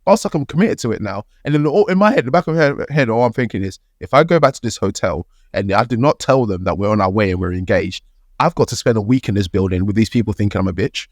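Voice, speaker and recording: A man's voice: on the low side, fast talker, no echo, clean studio sound. Swearing British guy telling a story. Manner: animated, swears freely, laughs mid-story. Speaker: podcast co-host. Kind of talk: casual storytelling.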